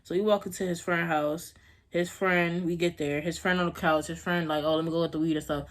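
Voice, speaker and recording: A young woman with a low, deep voice tells a story to her camera at home. She talks casually and rambles, full of slang and little laughs. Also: steady tone, fairly quick. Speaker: vlogger.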